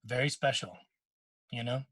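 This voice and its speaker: A middle-aged man co-hosting a podcast, telling a moving personal story in casual chat, with frequent restarts and quick quoted lines from others. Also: medium pitch, pushed and bright, breathy edge, no room sound. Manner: emotional storytelling with many restarts; quotes others in short bursts. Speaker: podcast co-host.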